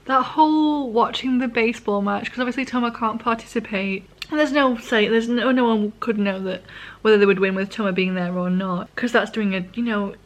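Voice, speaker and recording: A woman's voice: on the high side, fairly quick. A woman, casually recapping a manga in a rambling, chatty way, sometimes correcting herself and eating as she talks. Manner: eating while talking. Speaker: vlogger.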